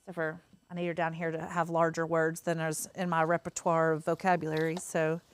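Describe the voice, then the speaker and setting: A woman's voice: low-pitched, completely flat delivery, fairly quick, clean tone, dry recording. A woman hosting a casual craft tutorial, chatty and rambling with lots of fillers. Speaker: craft host.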